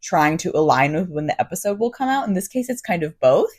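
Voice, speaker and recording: A woman's voice: on the low side, very animated, brisk, darkish tone, breathy edge. A woman co-hosting a book podcast, chatting casually with dry, joking sarcasm. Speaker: podcast co-host. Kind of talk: casual chat.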